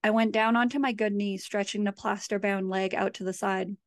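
A woman, the author, reading her own horror story aloud in a measured, steady storytelling voice. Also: mid-range voice, no echo.

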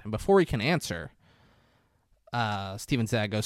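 A man's voice: fairly low pitch, normal speed, gravelly, long pauses, no echo, clean studio sound. A man hosting a casual comedy podcast, retelling a film scene by scene and jumping into voices for the characters, blunt and profane when he jokes. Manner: animated storytelling, jumps into voices for the characters. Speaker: podcast host recapping a movie. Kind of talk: casual comedic movie recap.

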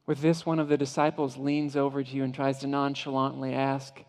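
A man's voice: medium pitch, monotone, fairly quick, hardly any pauses. Man preaching in a reverberant hall. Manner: vivid second-person storytelling, dropping to hushed tones. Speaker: pastor. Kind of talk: sermon retelling a story.

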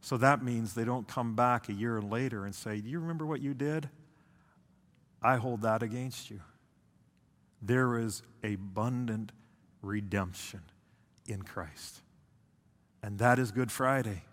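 Male pastor, sermon delivery, dramatic swings in intensity, reverberant church hall. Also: medium pitch. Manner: preaching, intense then hushed, drawn-out phrases.

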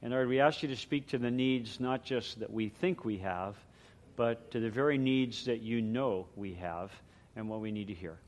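A middle-aged man, a pastor, preaching a sermon and praying in an earnest, measured way. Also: medium pitch. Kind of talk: sermon with prayer.

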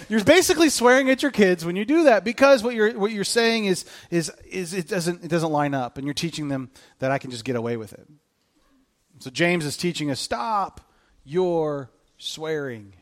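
A middle-aged man preaching a casual sermon as pastor, joking with the congregation and acting out quoted lines. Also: sits high. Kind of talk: conversational sermon.

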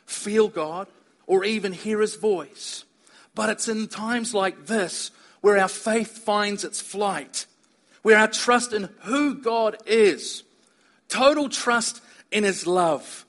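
A man's voice: high-pitched, fairly bright tone. A man preaching a sermon in an earnest manner, rising to emphatic stress on key points. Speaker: pastor.

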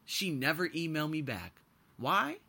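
A young man hosts his own podcast, telling personal stories in a loose, animated monologue. His voice sits a little high and very bright, and it leaps up and down as he gets into a story. He swears freely and breaks into laughter at his own anecdotes. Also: moderate pace, creaky, husky. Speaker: podcast host.

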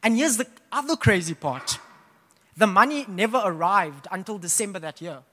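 A young man preaching a sermon, telling a personal story in a casual, animated way with laughs. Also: high-pitched, normal speed. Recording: long hall reverb.

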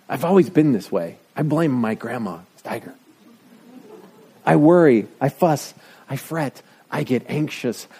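A middle-aged man preaching a sermon in a conversational, self-deprecating way. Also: slightly rough. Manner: conversational, self-deprecating, lively shifts of pitch. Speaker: pastor.

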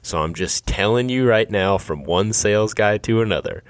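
A blunt, opinionated middle-aged salesman, put on by a man retelling a phone call, lectures in a brusque, nonstop way. His low voice sits in a dry, close recording. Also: moderate pace, dry recording, lightly acted. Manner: brusque and talkative.

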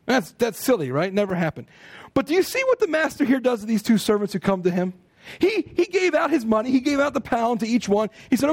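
An American man preaching a sermon, telling stories in an animated way and acting out what people say. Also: high-pitched, brisk, dry recording, studio quality. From United States. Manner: animated storytelling, acting out quoted speech.

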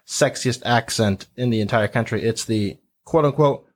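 A man's voice: on the low side, fairly even intonation, moderate pace. A man hosting a podcast panel, steering the topics and joking along the way. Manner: leads topics, jokey. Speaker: podcast host.

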